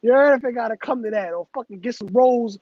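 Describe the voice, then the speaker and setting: A man's voice: extremely high pitch, quick pace, no echo. A man hosting a casual online chat, talking loosely and profanely and laughing often. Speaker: host. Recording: dull lo-fi dry sound.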